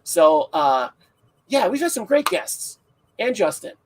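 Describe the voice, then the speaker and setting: A man's voice: high-pitched, very animated, slow pace, a little hiss or hum, rough recording. A man hosting a casual livestream podcast, rambling and joking with frequent laughs, sounding tired. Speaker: podcast host.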